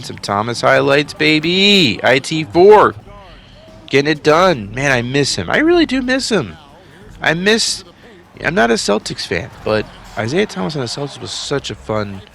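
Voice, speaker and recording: A man's voice: mid-range voice, big pitch swings, a little slow, creaky, fairly bright tone. A man casually commentating on a simulated basketball season, chatty and offhand, a little tired from a late night. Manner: chatty, offhand, enthusiastic asides. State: tired, yawning. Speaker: channel host narrating a simulated game season.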